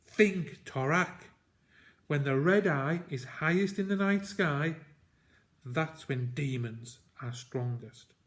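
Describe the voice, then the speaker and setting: A man reading a storybook aloud, voicing a dying hunter father who speaks gravely in short, breathless phrases. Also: fairly high pitch, takes it slowly, a bit bright. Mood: urgent.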